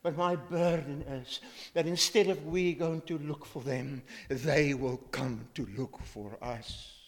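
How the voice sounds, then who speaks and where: An older male pastor delivers an emphatic sermon in a fairly high voice, pressing his listeners with rhetorical questions. His words ring out in a church hall with a long, lingering reverb. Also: steady tone, slow pace. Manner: emphatic, asks rhetorical questions, quotes scripture.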